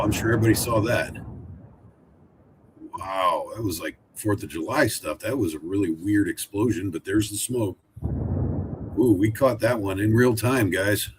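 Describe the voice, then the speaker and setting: Sitting in a wooden chair at home, a man from Oregon chats and rambles to his dog during a casual live stream. The voice is lowish, and the background is noisy.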